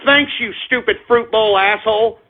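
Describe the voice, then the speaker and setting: Ranting on talk radio, a US host mocks and jeers crudely in a high, husky voice, lurching from low grumbling into sudden bursts of shouting. His pace is moderate, and the narrow-band sound comes through like a phone line.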